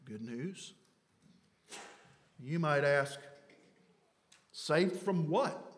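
A man preaching a sermon, swinging from loud emphatic phrases to hushed low words. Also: a little slow. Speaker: pastor. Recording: long hall reverb.

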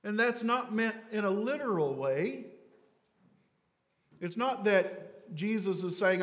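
Slow, high-voiced preacher in a reverberant hall. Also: male voice, expressive. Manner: dramatic swings from loud emphasis to hushed low words. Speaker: pastor. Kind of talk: sermon.

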